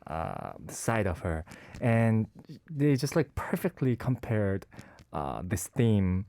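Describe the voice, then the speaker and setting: A man's voice: fairly low pitch, very animated, takes it slowly, dark tone, dry recording. A man co-hosting a radio music show, casually presenting a song pick and searching for his words. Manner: hesitant, many fillers and restarts, searching for words. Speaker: radio co-host.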